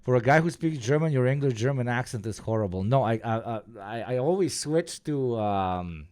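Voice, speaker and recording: A man's voice: medium pitch, lively intonation, moderate pace, a little mellow. Sarcastic, swearing male streamer. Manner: profane, sarcastic, laughs often. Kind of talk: casual live-stream commentary.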